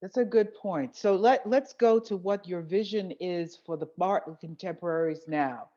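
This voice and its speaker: A woman's voice: on the low side, normal speed, warm tone, muffled recording. A woman hosting an interview, asking questions and affirming her guests. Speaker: host. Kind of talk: interview conversation.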